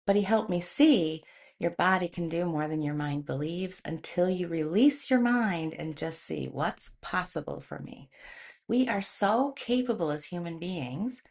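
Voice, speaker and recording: A woman's voice: lowish voice, expressive, unhurried, creaky, a little mellow. A woman hosting a motivational talk, speaking in a conversational way and telling stories with animation. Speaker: host.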